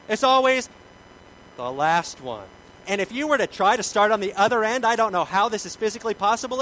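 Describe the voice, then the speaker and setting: Pastor, middle-aged man, slightly high voice, lively self-mocking sermon, faint hiss behind. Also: low-quality recording. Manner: animated, self-deprecating storytelling with big swings in loudness.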